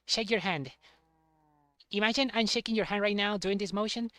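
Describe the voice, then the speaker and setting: A young man streaming a game, chatting casually in a halting way and repeating words. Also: high voice, pushed and bright, no room sound. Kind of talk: casual chat while playing a game.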